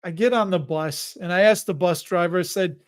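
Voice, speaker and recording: A man's voice: sits high, a little fast. A man in his late thirties or forties with a Chicago accent, hosting a livestream and chatting casually in a rambling, joking way. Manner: rambling, jokey, chuckles between remarks. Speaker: host of an investing livestream.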